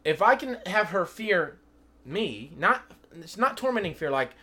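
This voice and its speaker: Emphatic high-voiced male Bible teacher. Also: sing-song, a little slow, pushed and bright. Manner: emphatic, repeatedly calls for attention, asks the listeners questions. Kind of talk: animated Bible teaching in group chat.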